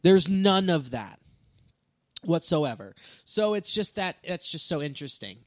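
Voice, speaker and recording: High-voiced man telling animated stories. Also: unhurried, no room sound. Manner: animated storytelling with swearing. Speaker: stand-up comedian. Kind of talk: casual podcast chat.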